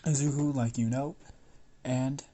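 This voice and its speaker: A man's voice: medium pitch, steady tone, measured pace, warm tone, natural voice. Man doing a cocky scheming teen boy, casual, boastful.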